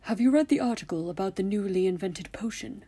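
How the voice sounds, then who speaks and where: A woman voicing an elderly male headmaster, calm and commanding, speaking softly and often in a whisper in a storybook reading. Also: mid-range voice, slightly rough. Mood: coaxing. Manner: soft, measured, often whispered.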